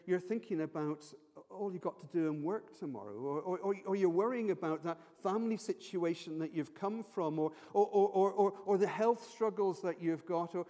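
A man's voice: high-pitched, mellow. A man preaching a sermon in an earnest, stumbling way, often restarting his words. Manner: earnest, many repeated restarts. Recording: long reverb of a large hall.

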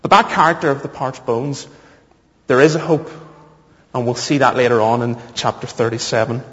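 A man's voice: medium pitch, fairly even intonation, moderate pace, a bit bright. A man preaching a sermon, mixing Bible reading with humorous personal stories. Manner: storytelling with self-deprecating humor. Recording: muffled, echoey hall.

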